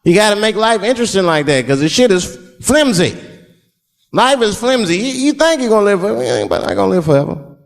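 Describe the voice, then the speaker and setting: A man from Washington, D.C. working a stand-up crowd with an animated, storytelling delivery, his voice swinging widely in pitch. He is heard on a theater stage with a long hall reverb and a faint audience beneath. His voice sits a little above the usual male range. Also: fast, creaky. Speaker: stand-up comedian. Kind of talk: stand-up routine. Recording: large hall with live crowd.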